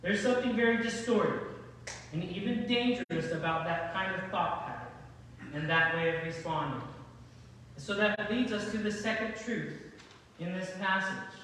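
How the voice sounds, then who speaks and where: Guy pastor preaching, kinda high voice, chatty w the congregation, big echoey church, mic far off. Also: normal speed, pushed and bright, slight background noise. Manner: conversational, with rhetorical questions to the congregation. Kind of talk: sermon. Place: large church sanctuary.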